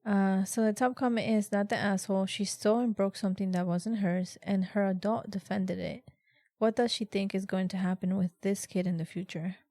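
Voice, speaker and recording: A woman's voice: medium pitch, steady tone, moderate pace, dark tone, no echo. A woman co-hosting a casual podcast who gives blunt, opinionated verdicts. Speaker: podcast co-host. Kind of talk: casual chat.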